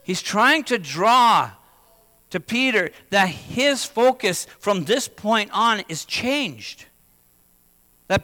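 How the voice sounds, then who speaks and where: A man's voice: sits high, animated, takes it slowly, sharp tone. A man preaching a sermon as pastor, talking conversationally and asking the congregation questions. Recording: long hall reverb.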